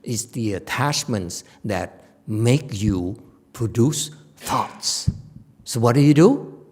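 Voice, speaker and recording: A man's voice: medium pitch, animated, takes it slowly, darkish tone. A male Buddhist teacher giving a dharma lecture, blunt and teasing, often mimicking his students' complaining voices. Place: temple lecture hall.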